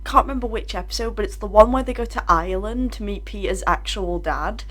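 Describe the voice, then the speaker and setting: A woman's voice: medium pitch, a little fast, fairly bright tone. A woman hosting a reaction video, chatting casually and making self-deprecating asides.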